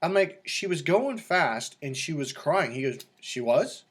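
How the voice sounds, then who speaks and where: A man's voice: a little high, very animated, unhurried, husky. A middle-aged man coaching in a casual monologue, telling stories and acting out quoted voices with animation. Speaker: dating coach.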